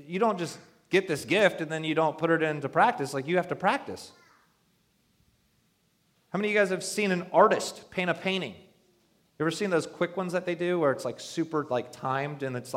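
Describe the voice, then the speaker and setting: A man's voice: a little high, a bit bright. A male pastor preaching a sermon in a conversational, joking way, acting out quoted voices.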